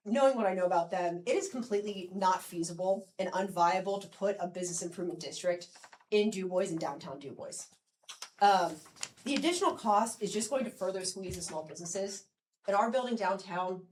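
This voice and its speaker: A congested woman in her forties speaks firmly at the lectern, pressing her point with steady persuasion. She sounds a bit short of breath and fills pauses with ums, over a faint hiss. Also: medium pitch. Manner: firm, persuasive, frequent ums. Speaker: public commenter. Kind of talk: public comment at a council meeting.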